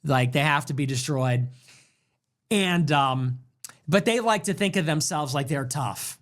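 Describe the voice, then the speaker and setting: A male commentator with a fairly high voice holds forth on a casual politics show. He talks emphatically, with open scorn. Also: unhurried, a bit bright. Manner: emphatic and scornful, mocking mimicry.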